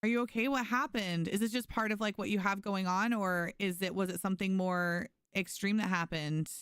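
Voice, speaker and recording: A woman's voice: mid-range voice, steady tone, fairly quick, fairly bright tone, clear, resonant tone, no echo, studio quality. A woman streaming a game live, chatting casually with viewers and thanking them by name. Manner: frequent restarts and fillers. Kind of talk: casual live gameplay commentary.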